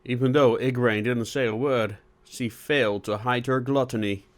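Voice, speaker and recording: A man narrating a fiction audiobook with dramatic swings from loud to hushed. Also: medium pitch, steady tone, normal speed. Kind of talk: audiobook narration with character voices.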